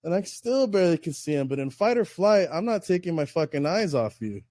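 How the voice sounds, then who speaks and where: A man on a casual podcast telling a profane, animated story, acting out what people said to him. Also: on the high side, a little fast, no echo, clean studio sound. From Southern California. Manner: acts out voices of people in his story.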